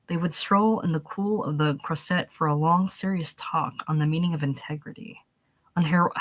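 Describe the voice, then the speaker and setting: A woman narrating a short story aloud, steady, going back to fix small slips. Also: low voice. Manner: steady reading, restarts after slips. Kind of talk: audiobook reading of a short story.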